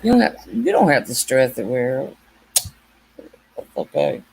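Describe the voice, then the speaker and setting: A woman's voice: very deep voice, very animated, measured pace, gravelly, a little mellow, slightly rough. A woman hosting a casual late-night livestream, chatting with viewers by name and laughing often. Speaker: livestream host.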